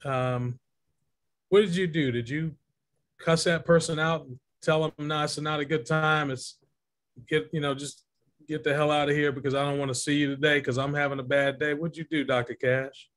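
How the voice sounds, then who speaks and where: A man's voice: fairly high pitch, steady tone, normal speed, a bit bright. Affirming man hosting a video call. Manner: conversational, affirming, asks questions. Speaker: host. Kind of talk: hosting an online discussion.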